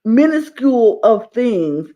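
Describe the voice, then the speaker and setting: A man's voice: extremely high pitch, slow pace. A man co-hosting a reality TV podcast, ranting emphatically and repeating himself in casual chat. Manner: animated, emphatic ranting with repetitions. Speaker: podcast co-host.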